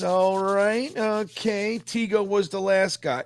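A man's voice: sits high, measured pace, few pauses, dry recording. A man co-hosting a live sports fan stream, chatting in a teasing, laid-back way. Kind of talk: casual chat.

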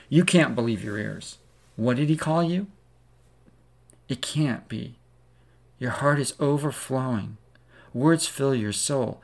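A man's voice: medium pitch, slow pace, creaky, darkish tone, slightly rough. A man preaching a sermon, retelling a story vividly in the second person as a preacher.

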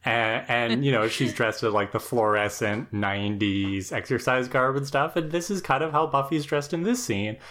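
Man podcast co-host, mid-pitched voice, dry humor, thoughtful, casual chat. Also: normal speed, few pauses, fairly bright tone.

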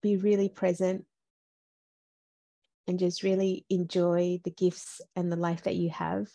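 A woman from Latin America, a podcast guest, chatting in an animated way with many fillers and restarts. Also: lowish voice, a little slow, creaky. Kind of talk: casual interview chat.

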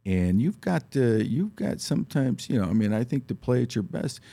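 A man in his fifties from Ohio, a studio guest telling animated stories on a talk show and acting out the voices he quotes. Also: mid-range voice, moderate pace, vocal fry, breathy edge. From Ohio, USA. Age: 50s. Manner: animated storyteller who acts out quoted voices. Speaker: studio guest, former football player. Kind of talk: casual talk show storytelling. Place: radio studio.

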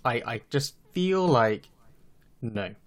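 A man's voice: mid-range voice, animated, slow. A man co-hosting a podcast over a remote call, joking and swearing casually while eating. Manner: joking, swears freely, eats while talking. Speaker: podcast co-host. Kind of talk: casual chat. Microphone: own microphone, remote call.

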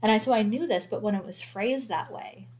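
A woman's voice: medium pitch, fairly quick, darkish tone, slight background noise. A woman in her thirties, a mother of four, talking candidly and reflectively in a casual faith conversation, with many fillers.

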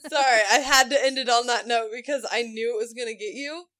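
A woman in her thirties chatting on a podcast, an animated storyteller who laughs through her punchlines. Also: a little high, brisk. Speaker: co-host telling family stories. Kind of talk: casual podcast chat.

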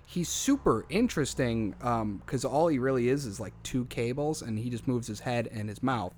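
A man's voice: medium pitch, expressive, moderate pace, a little mellow, a little hiss or hum. A man hosting a comedic podcast in casual chat, swearing freely and laughing often, with a small audience in the room. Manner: profane, joking, laughs often. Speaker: podcast host.

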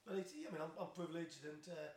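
A man's voice: a little high, sing-song, quick pace, a little mellow, roomy sound, a little hiss or hum. A middle-aged man, a former footballer telling stories in an unscripted interview, rambling and self-deprecating with lots of restarts. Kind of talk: unscripted chat.

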